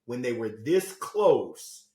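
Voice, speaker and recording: A man who is a motivational speaker, talking as a podcast guest in an animated, storytelling way with sudden loud bursts. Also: mid-range voice, takes it slowly. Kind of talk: energetic interview talk. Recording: roomy echo.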